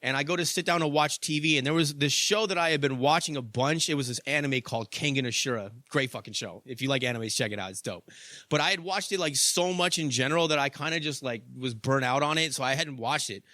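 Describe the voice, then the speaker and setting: A man's voice: medium pitch, fast talker, sharp tone, dry recording, clean studio sound. A young adult man hosting a podcast, telling a story in a casual monologue, swearing freely and padding with "like" and "you know.". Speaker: podcast host.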